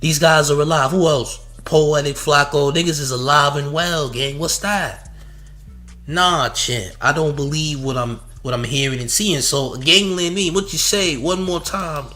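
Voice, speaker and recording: Brash mocking man with a bright voice. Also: on the high side, unhurried, faint music behind. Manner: mocking, trash-talking, repeats "champ". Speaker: commentary show host. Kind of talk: streamed reaction commentary.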